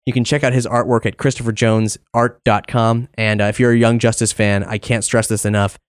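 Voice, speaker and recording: A man's voice: mid-range voice, little pitch movement, fairly quick, smooth. Upbeat male podcast host. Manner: upbeat, reads supporter names and messages. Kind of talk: casual podcast announcements.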